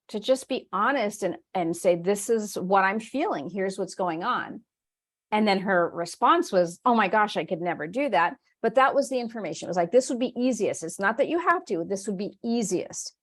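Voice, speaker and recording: A woman leading a spiritual workshop, telling stories in a chatty way, acting out her inner voice in quoted asides and laughing often. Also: mid-range voice. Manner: warm, chatty storytelling with frequent laughs. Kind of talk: live online workshop talk.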